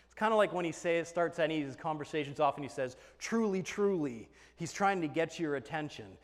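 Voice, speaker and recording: A man preaching a sermon as pastor, emphatic, swinging between hushed and loud passages. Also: a little high, animated, a little fast, few pauses, long reverb tail.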